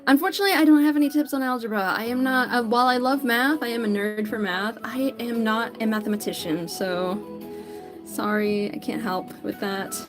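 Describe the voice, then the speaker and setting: A woman's voice: on the high side, a little fast, music in the background. A woman artist chatting casually on a livestream while she draws, greeting viewers by name in an upbeat, chatty way. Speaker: digital artist streamer.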